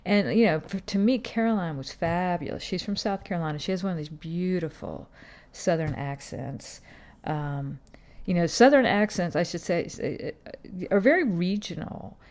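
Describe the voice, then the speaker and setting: A woman's voice: lowish voice, animated, moderate pace, darkish tone. A woman in her fifties hosting a podcast, talking in a casual, meandering way full of fillers and restarts. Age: 50s. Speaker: podcast host. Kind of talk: casual rambling monologue.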